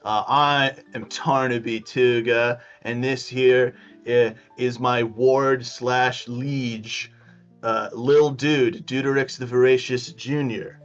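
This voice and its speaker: A man's voice: mid-range voice, steady tone, takes it slowly, faint music behind, close to an everyday voice. Tiny friendly ranger, laid-back and sheepish, voiced by a man, slightly dull audio. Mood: sheepish, chatty.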